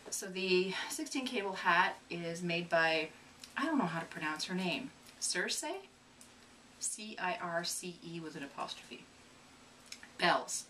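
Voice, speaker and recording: Recovering from a cold, a woman co-hosts a casual knitting podcast in a chatty, self-deprecating way. Her lowish voice comes across bright and forceful. It's recorded on a distant mic, and faint room noise can be heard.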